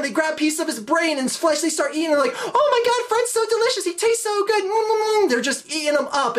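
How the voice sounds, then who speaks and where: A woman telling a long comedic joke, animated, her voice swinging high and low. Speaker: joke teller.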